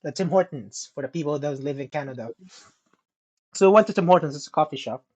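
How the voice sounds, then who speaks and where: Talking fast in a fairly high voice, a young man on a podcast he co-hosts launches into a story during casual chat, swearing and laughing a lot as an animated, profane storyteller.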